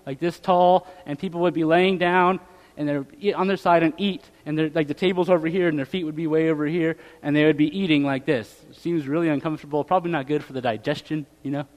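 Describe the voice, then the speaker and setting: Male preacher, high voice, casual sermon delivery with tag questions and scripture reading; long reverb of a hall. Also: steady tone, fast. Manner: reads scripture aloud in old-fashioned wording.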